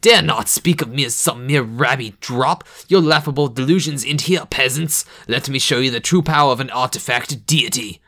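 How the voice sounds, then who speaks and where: A man's voice: mid-range voice, moderate pace, few pauses, bright, forceful tone. A man voicing a scheming, pompous evil amulet deity from a game, reading its lines with a slightly Jamaican-sounding lilt. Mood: haughty. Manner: pompous, menacing. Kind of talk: reading game dialogue aloud.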